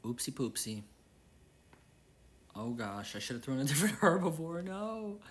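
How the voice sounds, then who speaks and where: A man's voice: medium pitch, expressive, moderate pace. Young male gaming host, casual rambling commentary, easily irritated, repeats himself. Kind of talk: casual gameplay commentary with venting.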